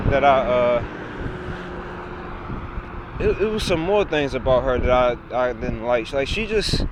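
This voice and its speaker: Standing outdoors beside a busy road, a young male vlogger vents to the camera in a casual rant, rambling, repeating himself, and swearing constantly. His voice sits fairly high, and street noise, wind, traffic, and passing trucks fill the recording.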